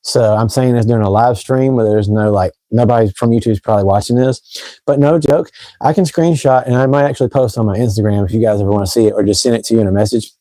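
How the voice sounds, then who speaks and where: A man's voice: medium pitch, fast talker, dark tone, no echo. A man from Tennessee with a Southern US accent, hosting a fragrance live stream and rambling chattily straight to his viewers from a room at home. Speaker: fragrance channel host. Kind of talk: casual live stream chat.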